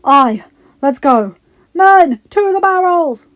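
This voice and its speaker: A woman reading aloud gives voice to a stubborn old lord shouting commands to his men. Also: very high voice, lively intonation, takes it slowly, no echo, dull audio, pitched above the performer's own voice, heavily acted. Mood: commanding shouts. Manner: barking orders.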